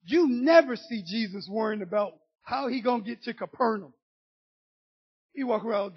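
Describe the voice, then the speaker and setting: Brief: male preacher, very high husky voice, emphatic and casual by turns, dull lo-fi recording. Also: expressive, normal speed. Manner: preaching with rising emphasis, colloquial asides and joking. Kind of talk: sermon.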